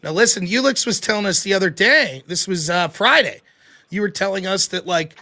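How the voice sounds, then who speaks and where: A chatty male host with a Pittsburgh accent, his voice high and bright. He talks loosely and swears often as he takes calls. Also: lively intonation, a little fast. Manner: chatty, swears freely, playful. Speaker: call-in show host. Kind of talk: casual chat.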